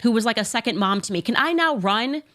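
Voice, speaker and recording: A woman's voice: on the high side, expressive, quick pace, a bit bright. A woman talking in an amped, incredulous rush, telling a story on a podcast. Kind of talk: animated podcast talk.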